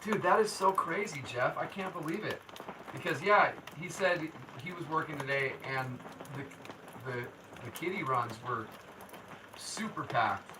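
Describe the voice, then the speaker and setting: A man's voice: fairly high pitch, normal speed, far from the mic, background noise. Laid-back, slangy man chatting on a livestream. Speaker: local weather livestream host. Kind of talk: casual livestream chat reading comments. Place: indoors at home.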